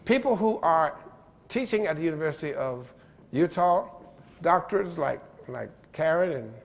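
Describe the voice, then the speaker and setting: A man giving a lively lecture-style keynote address, playful and animated, spelling out letters and mimicking pronunciations. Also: on the high side, moderate pace, vocal fry, in a large hall. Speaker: keynote speaker.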